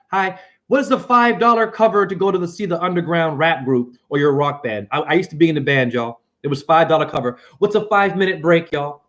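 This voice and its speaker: A middle-aged man giving a fast, profane, rambling spiritual monologue that swings between loud and soft. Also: high-pitched. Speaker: self-styled spiritual teacher.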